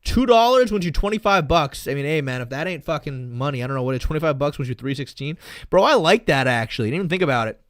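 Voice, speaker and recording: A man's voice: on the high side, lively intonation, quick pace. A man streaming about MMA fights and betting, talking casually with chat in a rambling, repetitive way and swearing freely.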